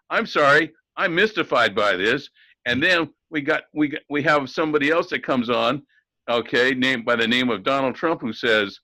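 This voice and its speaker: A man's voice: mid-range voice, moderate pace, bright, forceful tone, no echo, rough recording. A man co-hosting a talk show, ranting in an indignant, sarcastic way with frequent restarts. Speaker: co-host. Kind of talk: ranting talk-radio commentary.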